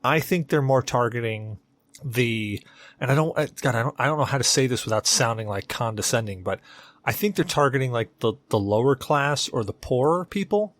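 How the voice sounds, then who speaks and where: A man's voice: medium pitch, animated, normal speed, a bit bright, no echo. Man explaining, dry close mic. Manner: argumentative, explaining step by step. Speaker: podcast co-host. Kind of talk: casual chat.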